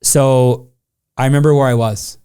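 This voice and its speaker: A middle-aged man hosting a podcast, telling a story in a lively way and acting out the people he quotes. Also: medium pitch, moderate pace, clear, resonant tone. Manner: animated storyteller who acts out people he quotes. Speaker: podcast host. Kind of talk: casual podcast conversation.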